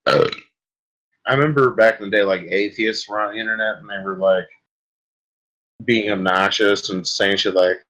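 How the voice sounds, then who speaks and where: Ranting, foul-mouthed man with a lowish voice. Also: fairly even intonation, measured pace, long pauses, a bit bright, rough recording. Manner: rambling, crude, heavy swearing. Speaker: podcast host. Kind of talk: profane comic rant.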